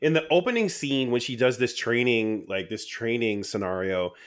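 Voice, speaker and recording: A man's voice: medium pitch, normal speed. Man, mid-range voice, podcast co-host, rambling, filler-heavy. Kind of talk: casual chat.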